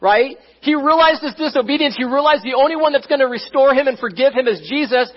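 A man preaching a sermon as pastor, animated and conversational, often checking in with his listeners. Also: very high-pitched, quick pace, lo-fi sound.

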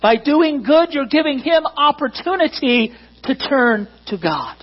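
A pastor delivering a sermon in an earnest way, rising to emphatic points and dropping to quiet asides. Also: male voice, extremely high pitch, expressive, measured pace, breathy edge. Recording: dull lo-fi recording with mains hum.

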